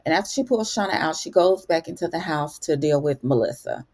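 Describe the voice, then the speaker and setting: A woman hosting a casual TV recap, chatty and animated, calling her viewers "honey". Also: deep voice, a little fast, husky. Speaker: TV recap host. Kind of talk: casual spoken episode recap.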